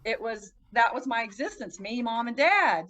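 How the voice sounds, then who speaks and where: A woman with a fairly high voice tells her life story as a podcast guest. She talks casually and earnestly, restarting her sentences as she goes. When she quotes people, her pitch jumps sharply. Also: lively intonation, fairly bright tone, muffled recording. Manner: earnest, halting, with frequent restarts.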